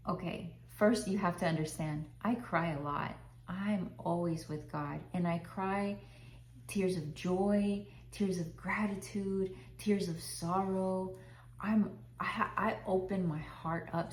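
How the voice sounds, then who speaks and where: A woman's voice: on the low side, steady tone, slow, darkish tone. A woman who works as a Christian life coach gives an earnest faith talk, often repeating herself and drawing out her phrases. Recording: roomy echo.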